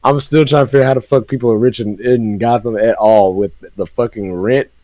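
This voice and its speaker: A man's voice: mid-range voice, fairly quick, no room sound. A man co-hosting a casual reaction video, laughing and telling stories. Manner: laughing, animated storytelling. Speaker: co-host reacting to a clip.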